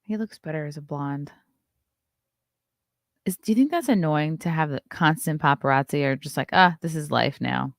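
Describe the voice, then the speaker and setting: A woman's voice: sits low, dry recording. Wry, chatty woman host, dry sound. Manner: chatty and wry, quick asides. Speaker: morning show host. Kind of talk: casual commentary reading celebrity news.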